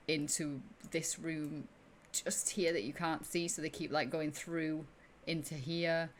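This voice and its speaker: A woman's voice: sits low, a bit bright, a little hiss or hum. A woman running a tabletop game as game master, chatty and full of likes and ums.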